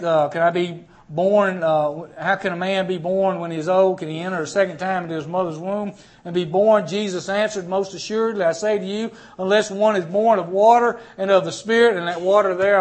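High-voiced preacher, rising to cries. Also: male voice. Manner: swings from low murmurs to loud, high-pitched cries. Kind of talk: sermon.

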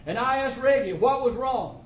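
In a church with a roomy echo and faint ambience, a man preaches a testimony sermon, telling his story folksily in plain country grammar. His voice is extremely high-pitched, his pace moderate, and there's slight background noise.

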